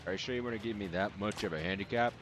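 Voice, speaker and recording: A man's voice: fairly low pitch, racing, fairly bright tone, soft background music, lightly acted. A man reading out the lines of a stoic, tough male yakuza fighter from a video game, in a blunt, curt manner. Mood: stern.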